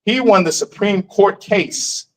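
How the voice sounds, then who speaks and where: A man lectures a live class in a high-pitched, animated voice at a measured pace, frequently pausing to pose questions to the room. He sounds distant from the mic, as though recorded from across a classroom.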